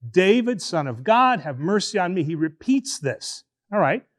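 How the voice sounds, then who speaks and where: High pitched guy giving a sermon in church, chatty, stretches words out for emphasis. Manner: animated, conversational preaching with drawn-out emphasis. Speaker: priest.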